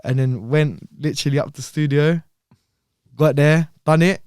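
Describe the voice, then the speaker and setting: A young man, a podcast guest telling animated stories in slang, often repeating himself. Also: a little high, moderate pace, clean tone, no echo, studio quality. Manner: animated storyteller, heavy slang, repeats words. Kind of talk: casual chat.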